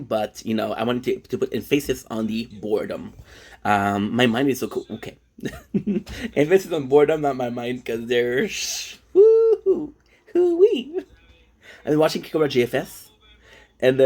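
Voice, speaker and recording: Husky rambling man from Quebec. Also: mid-range voice, a little mellow. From Quebec, Canada. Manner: rambling, tangent-prone, joking, self-deprecating. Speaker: streamer. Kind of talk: rambling casual monologue.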